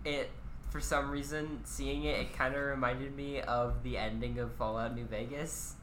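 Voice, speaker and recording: Very low-voiced dry woman. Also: little pitch movement, moderate pace, slight background noise. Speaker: podcast co-host. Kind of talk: casual chat.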